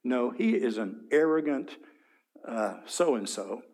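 A male Bible teacher leads a class through scripture in a relaxed, conversational voice of middling pitch. He paints scenes for his listeners and clears his throat now and then. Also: slow. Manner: conversational, vivid, asks listeners to picture scenes.

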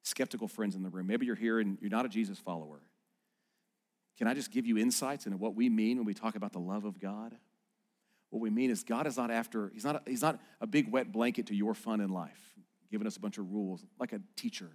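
A man in his thirties, a pastor, preaching a sermon in a conversational, animated way with playful asides to the congregation. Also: lowish voice, a little fast. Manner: playful asides and mock quotes to the audience.

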